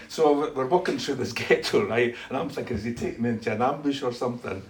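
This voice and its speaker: A man's voice: medium pitch, normal speed. A man telling a church testimony as a story, acting out both sides of conversations and laughing often. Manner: animated, acts out dialogue, laughs often.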